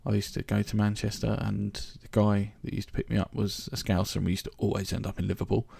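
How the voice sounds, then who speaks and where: A man's voice: fairly low pitch, little pitch movement, quick pace, gravelly, warm tone, husky, no echo. A man from London with a London accent, hosting a solo podcast in a chatty, joking, rambling way. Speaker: podcast host. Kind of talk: casual solo podcast monologue.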